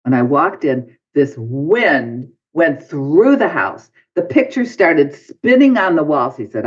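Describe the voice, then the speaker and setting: A man's voice: a little high, very animated, slow pace, hardly any pauses. A man guest on a podcast, telling a personal story and acting out his own past lines with big swings of voice. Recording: dull lo-fi podcast audio.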